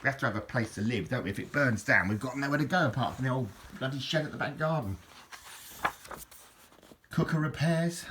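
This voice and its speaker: A man's voice: mid-range voice, quick pace, hardly any pauses, bright, forceful tone. A man chatting casually while leafing through an old repair book, rambling and restarting his sentences. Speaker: book reviewer. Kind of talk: casual chat. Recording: noisy home recording.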